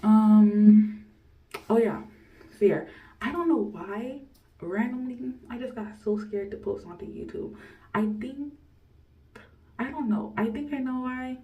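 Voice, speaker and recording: A woman's voice: mid-range voice, expressive, takes it slowly, pauses often, recorded from a distance, narrow, tinny audio. A woman in her early twenties telling a personal story to camera in a rambling, blunt way, swearing freely and laughing often. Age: early 20s. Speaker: vlogger.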